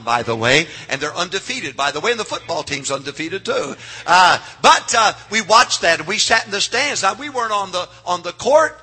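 A middle-aged male pastor in full revival-sermon mode, his voice high-set, piercingly bright and husky. He drops to near murmurs and then builds to shouted, cadenced refrains, calling out to his congregation for responses. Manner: swings from low murmurs to shouted climaxes; calls for audience response.

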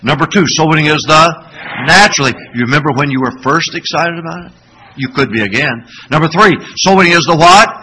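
A man's voice: fairly high pitch, fairly quick, bright, forceful tone, slight background noise, rough recording. A man preaching a sermon in church, telling stories and asking the congregation rhetorical questions. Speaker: pastor.

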